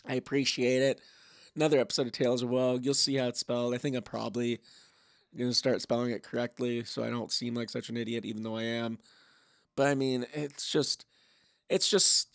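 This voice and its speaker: A man's voice: mid-range voice, vocal fry, no echo, clean studio sound. A young man hosting a podcast, rambling and self-deprecating as he signs off, swearing now and then. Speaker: podcast host. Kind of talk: casual podcast sign-off.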